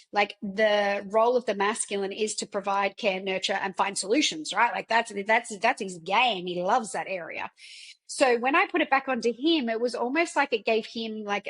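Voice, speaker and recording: A woman's voice: a little high, a bit bright. A woman hosting a personal podcast, talking candidly in a loose, chatty way, full of fillers and the odd swear word. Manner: candid, chatty, many fillers like "like" and "you know"; occasional swearing. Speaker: podcast host.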